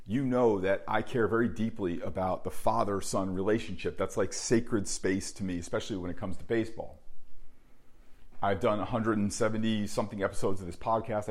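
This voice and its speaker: A middle-aged man hosting a podcast and coaching baseball, talking bluntly and earnestly, often dropping low and quiet to stress a point. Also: steady tone, fairly quick.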